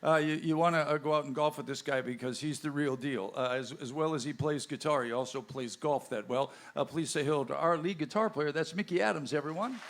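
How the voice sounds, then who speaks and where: A man's voice: a little high, a little fast, hardly any pauses, fairly bright tone. A man with a slightly raised voice emcees from the stage, introducing his bandmates between songs. His talk is folksy and full of easy jokes, spoken into a stage microphone at a live music venue. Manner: folksy, joking banter with the audience. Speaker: bandleader and stage host. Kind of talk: onstage band introductions.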